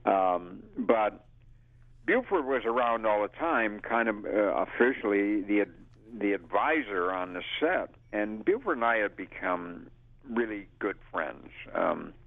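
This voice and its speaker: Brief: older male actor, very low and gravelly, animated anecdotes over a phone line. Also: measured pace, no echo. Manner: lively storyteller who acts out quotes and laughs. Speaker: actor interviewee. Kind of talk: casual anecdotal interview.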